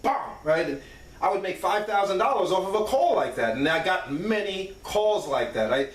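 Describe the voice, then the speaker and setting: A man with a high-pitched voice tells stories casually and with animation, acting out the voices of people he quotes. He sounds some distance from the microphone, and his words echo around a roomy space. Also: fairly quick. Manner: animated, acts out quoted voices, frequent "right?". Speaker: podcast host. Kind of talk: casual storytelling monologue.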